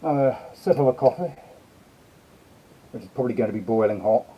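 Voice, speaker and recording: Lively chatty man on a live stream. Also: mid-range voice, a little fast. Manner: chatty, greets viewers one by one. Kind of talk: casual live stream chat. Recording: slightly dull lo-fi sound.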